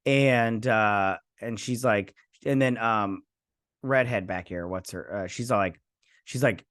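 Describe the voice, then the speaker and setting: A man hosting a review show, recapping an episode in a rambling, sarcastic way and acting out the scenes in quick quoted lines. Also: lowish voice, a bit bright, dry recording, clean studio sound. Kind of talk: casual episode recap and rant.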